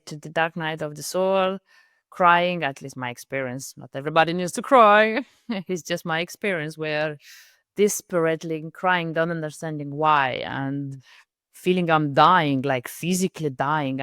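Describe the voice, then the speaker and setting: Reflective host with a deep female voice. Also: clean tone, no echo, clean studio sound. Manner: thoughtful and halting, with soft laughs. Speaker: podcast host. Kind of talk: reflective conversation.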